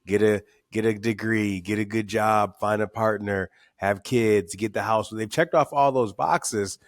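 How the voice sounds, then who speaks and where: A middle-aged man, talking in a podcast interview. His voice sits low and is recorded close and dry, with no room around it. He tells stories candidly, often repeating words as he builds up energy. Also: fairly even intonation, measured pace, no room sound. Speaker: guest, author and speaker.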